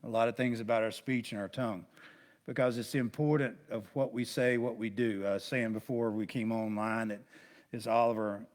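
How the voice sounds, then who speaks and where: A man's voice: medium pitch, fairly even intonation, moderate pace. Man, pastor, informal bible study, folksy, rambling, plain-spoken. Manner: rambling, conversational, with many restarts and asides.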